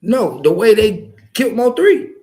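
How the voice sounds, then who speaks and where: A man's voice: high voice, very animated, measured pace, a little mellow, roomy sound. A man in a casual chat, speaking hesitantly with stammers and fillers.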